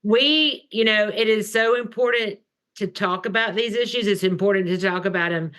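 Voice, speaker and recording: An earnest woman guest with a mid-range voice, speaking steadily and thoughtfully about her work. Her tone is measured rather than showy. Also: mid-range voice, a bit bright. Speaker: guest from an extremism research group. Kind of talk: casual conversational interview.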